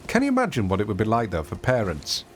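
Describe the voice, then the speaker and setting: A man's voice: on the low side, huge pitch swings, fast talker, soft background music. A man giving chatty, self-mocking commentary while streaming a video game to his viewers. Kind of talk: casual gameplay commentary.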